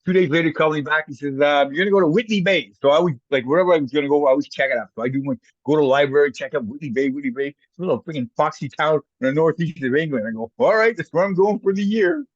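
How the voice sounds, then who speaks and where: Fast-talking Canadian man telling stories. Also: on the high side, no room sound, highs cut off. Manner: animated anecdotes, acts out quoted voices. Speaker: guest, former hockey player. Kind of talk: casual storytelling.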